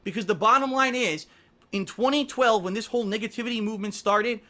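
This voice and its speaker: A man's voice: high voice, fast talker, pushed and bright. A man giving an emotional, indignant speech to camera as a content creator, repeating himself for emphasis.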